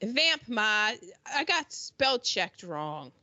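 A woman chatting casually as a podcast co-host, animated and excitable, often acting out what people said. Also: mid-range voice, extremely slow, dry recording. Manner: animated, excitable, acts out quoted voices. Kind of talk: casual chat. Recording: dull lo-fi sound.

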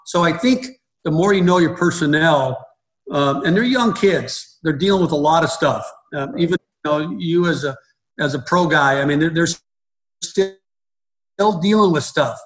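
A man's voice: a little high, unhurried, low-quality recording. Rambling middle-aged male baseball coach. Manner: rambling, repeats words and restarts often. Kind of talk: conversational interview.

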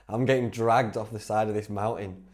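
A young man from Whitby, North Yorkshire, England speaks in a lowish, fairly even voice at a slightly slow pace. He hosts a podcast and answers listener questions solo in a chatty, laddish style, laughing easily and restarting sentences.

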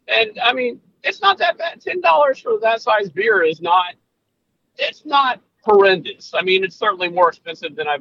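A man's voice: sits high, pushed and bright, highs cut off. A man co-hosting a podcast, chatting in an easygoing, rambling way. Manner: rambling, lots of fillers and restarts, easygoing. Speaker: podcast co-host. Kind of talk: casual chat.

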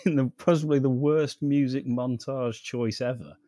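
A man's voice: medium pitch, unhurried, dark tone, no room sound, studio quality. A man co-hosting a podcast, chatting casually with sarcastic, sweary banter. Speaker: podcast co-host. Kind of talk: casual chat.

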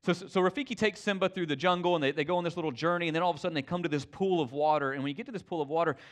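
A man's voice: a little high, rapid-fire. A young man preaching a sermon in a church. He talks in a folksy, conversational way, with many fillers and frequent "right?" checks to the congregation. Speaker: pastor. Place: church sanctuary.

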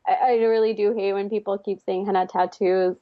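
A woman's voice: medium pitch, little pitch movement, brisk, no room sound, muffled recording. A young woman, a henna artist, chatting casually and laughing often as she retells what clients ask her. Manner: laughs often, quotes people in little asides. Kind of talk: casual chat.

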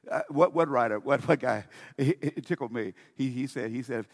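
Male pastor, mid-pitched, lively sermon delivery with long hall reverb. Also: moderate pace, gravelly. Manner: animated preaching with laughs and dramatic quoted voices.

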